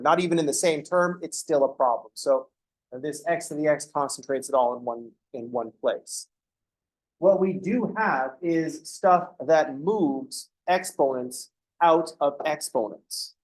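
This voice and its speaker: A man with a darkish tone and a voice on the high side teaches math in a classroom lecture. He explains each step but often interrupts himself to crack jokes.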